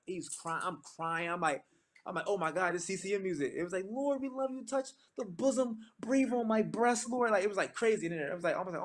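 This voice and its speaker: A man in his thirties with a slightly high voice tells a church audience about his singing days. He talks in lively slang and acts out the lines he quotes. He sounds like a gospel singer giving his testimony.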